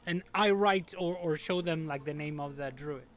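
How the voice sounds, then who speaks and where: A man's voice: a little high, normal speed. A young man playing in a tabletop game, speaking casually with hesitant stammers and easy laughs. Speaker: player.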